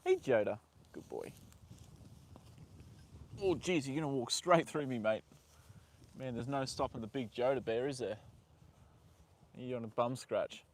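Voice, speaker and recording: A young man live-streaming from a horse paddock, chatting with viewers and talking softly to his horse. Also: medium pitch, moderate pace, long pauses, a little hiss or hum. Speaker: livestream host. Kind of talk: casual live stream chat.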